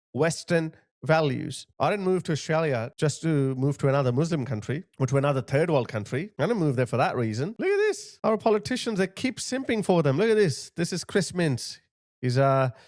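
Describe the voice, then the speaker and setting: A man's voice: fairly high pitch, darkish tone, no room sound, studio quality. A man hosting a commentary video, ranting in a heated, scornful way and repeating short jabs. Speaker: commentary channel host.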